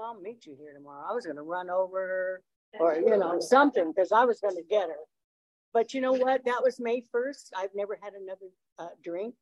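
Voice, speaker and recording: A woman's voice: mid-range voice, darkish tone, dull audio. A middle-aged woman from Los Angeles sharing her recovery story at a meeting, blunt and streetwise, with lots of fillers. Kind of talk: personal recovery share.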